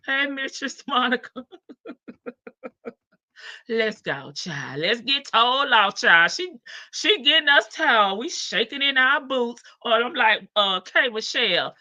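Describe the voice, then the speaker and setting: A woman's voice: fairly high pitch, lively intonation, slow, pauses often, pushed and bright, no echo, dull audio. Sassy woman hosting a livestream, laughing. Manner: sassy, laughing, talks to chat. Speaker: livestream host. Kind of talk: casual commentary livestream.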